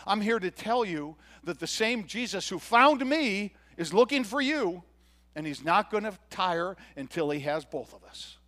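A high-voiced, earnest grown man who was blind and has been healed, as a pastor plays him. He tells his story in a first-person sermon monologue, grateful and sincere, and acts out the other people's lines as he goes. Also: very animated, measured pace, fairly bright tone, full character voice. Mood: pleading. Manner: earnest storytelling with quoted dialogue.

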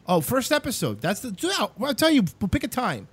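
A man's voice: extremely high pitch, wildly swooping pitch, fairly quick, breathy edge, no echo. A young adult man hosting a casual talk show, ranting emphatically and swearing often. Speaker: show host.

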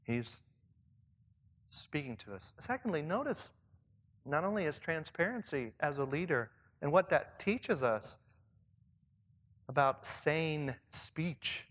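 A man's voice: on the high side, a bit bright, breathy edge. A man leading church leaders in a conversational sermon, reflective and asking his listeners questions. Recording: long reverb, as in a hall.

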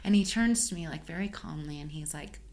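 A woman caterer chatting casually and telling an animated story, full of "like" fillers. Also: low voice, brisk. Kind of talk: casual chat.

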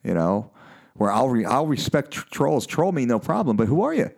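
A man hosting a podcast interview, relaxed and blunt, mostly answering with short agreements. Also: medium pitch, a little fast, vocal fry. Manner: laid-back, brief affirmations, blunt. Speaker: podcast host. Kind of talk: casual interview chat.

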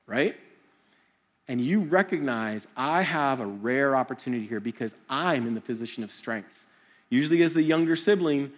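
A middle-aged man preaching a sermon, telling jokey stories and acting out quick voices. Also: medium pitch. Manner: animated, jokey storytelling with acted-out voices. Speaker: pastor.

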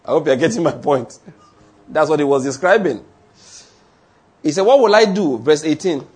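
A male pastor preaching a sermon, animated and humorous, acting out little anecdotes. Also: fairly high pitch, normal speed, breathy edge.

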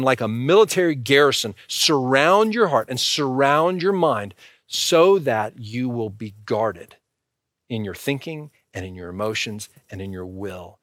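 A man's voice: medium pitch, a bit bright, dry recording, clean studio sound. A man preaching a sermon in a conversational way and speaking directly to the congregation. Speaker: pastor.

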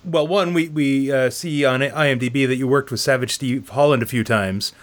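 An interviewer host asking relaxed, somewhat hesitant questions with fillers. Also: mid-range voice, moderate pace. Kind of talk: casual interview chat.

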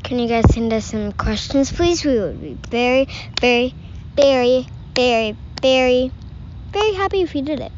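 A woman co-hosting a podcast, chatting casually and softly outdoors in a park. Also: high-pitched, expressive, normal speed. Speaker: podcast co-host. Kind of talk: casual chat. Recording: dull lo-fi recording, faint noise.

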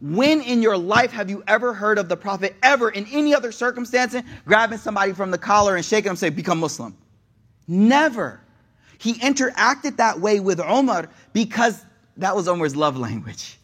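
A young man giving a casual sermon, an animated, digressive storyteller who talks straight to the audience. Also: sits high, normal speed. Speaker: preacher.

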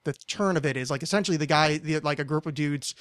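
A man's voice: a little high, fast talker, a bit bright, dry recording, studio quality. A man in his thirties hosting a podcast, telling a long rambling story full of swearing. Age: 30s. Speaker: podcast host. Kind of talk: casual chat.

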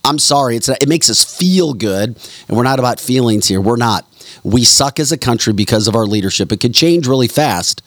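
A man's voice: mid-range voice, lively intonation, brisk, no room sound. A man hosting a live political talk podcast, ranting bluntly and heatedly with frequent fillers. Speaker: podcast host.

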